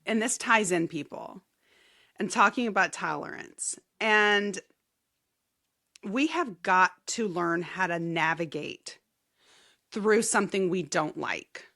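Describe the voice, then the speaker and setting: A woman co-hosting a podcast who chats and tells stories in a playful, animated way. Her voice sits at a middle pitch. The room sound is dry and close. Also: slow, pauses often, no room sound. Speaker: podcast co-host. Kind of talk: casual chat.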